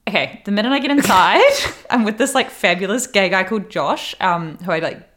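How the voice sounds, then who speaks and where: A woman's voice: mid-range voice, fairly quick, a bit bright. A young woman in casual chat, telling a story animatedly and acting out the quotes.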